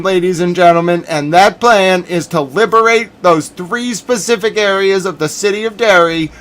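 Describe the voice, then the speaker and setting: Male streamer, high voice, hammy mock-outrage rant, loud then muttered. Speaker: livestream commentator.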